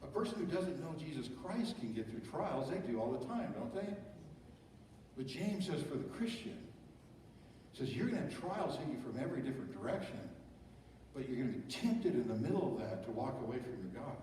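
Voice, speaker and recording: A man's voice: mid-range voice, big pitch swings, fairly quick, warm tone, a little hiss or hum. A middle-aged man pastor preaching a sermon, talking conversationally and asking the congregation rhetorical questions. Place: church sanctuary. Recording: echoey church hall from far off.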